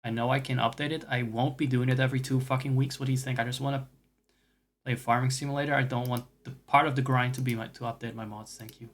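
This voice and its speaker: A man's voice: medium pitch, fairly even intonation, fast talker. Rambling, cursing male game streamer. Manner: rambling and profane, with self-mocking asides. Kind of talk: casual chat while gaming.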